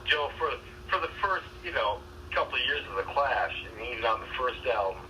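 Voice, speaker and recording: A man co-hosting a podcast in casual chat, animated and repeating words as he thinks aloud. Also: medium pitch, brisk. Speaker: podcast co-host. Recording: distant mic with noticeable background noise.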